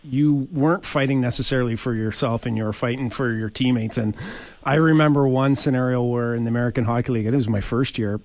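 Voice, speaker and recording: A man's voice: medium pitch, fairly even intonation, fast, a little mellow. A man co-hosting a podcast who played with the guest, remembering old times and asking chatty questions. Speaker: podcast co-host, former teammate. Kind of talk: conversational interview.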